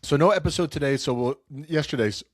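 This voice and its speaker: A sports podcast host runs a casual talk show while nasal and stuffed up from a cold, rambling, cutting himself off, and acting out quotes. He talks quickly in a voice on the high side, with studio quality and no room sound.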